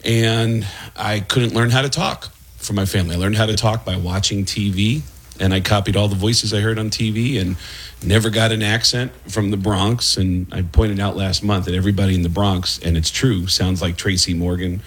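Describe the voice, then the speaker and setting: A middle-aged man, a voice actor and impressionist, telling an animated talk-show anecdote. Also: fairly low pitch, normal speed, slightly rough. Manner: animated storytelling with laughs and quoted voices.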